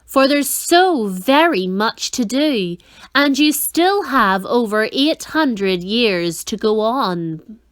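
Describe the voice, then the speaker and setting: Woman doing a slow, sly demon of busywork. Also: fairly high pitch, animated, no echo, studio quality. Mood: menacing. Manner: slow, deliberate, coaxing. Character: smooth-talking male demon of petty tasks.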